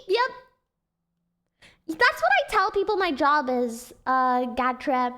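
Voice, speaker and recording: A young woman streamer with a very high, childlike voice, chatting casually and giggling as she rambles. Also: lively intonation, slow, long pauses, fairly bright tone. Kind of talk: casual livestream chat.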